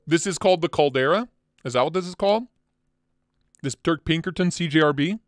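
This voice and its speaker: A casual, blunt man hosting a chat stream, excitable and quick to swear, sounding tired. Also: a little high, no echo, studio quality. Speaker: channel host.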